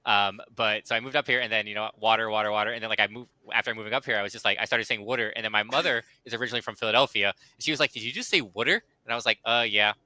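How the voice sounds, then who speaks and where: A man from Florida casting a card game stream, chatting in a relaxed way. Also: lowish voice, rapid-fire, hardly any pauses, no echo. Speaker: stream caster. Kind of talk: casual chat.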